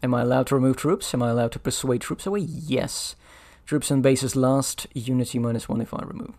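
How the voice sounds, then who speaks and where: A man's voice: mid-range voice, a little fast, darkish tone. A man playing a strategy board game on his own, thinking aloud and muttering over the rules as he decides his moves. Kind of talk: solo board game playthrough commentary.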